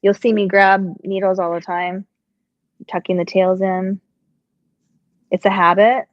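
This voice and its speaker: A woman's voice: mid-range voice, level tone, measured pace, no echo. A middle-aged woman chatting casually on a live stream while she sews, answering viewer questions, her voice a little congested and muffled. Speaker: sewing channel host.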